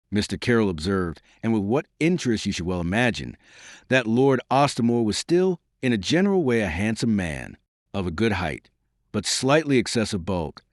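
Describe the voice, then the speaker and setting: A man reading a historical novel aloud in an expressive, theatrical manner. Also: lowish voice, no room sound, clean studio sound. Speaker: audiobook narrator. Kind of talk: scripted narration.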